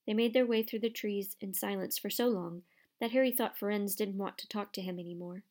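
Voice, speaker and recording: Woman audiobook narrator, mid pitch, gravelly, steady storytelling. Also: fairly quick.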